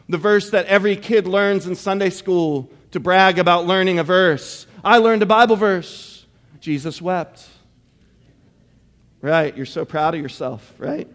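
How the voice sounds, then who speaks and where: A man preaching a sermon as pastor, reading scripture dramatically and pressing the congregation with rhetorical questions. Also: high-pitched. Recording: long hall reverb.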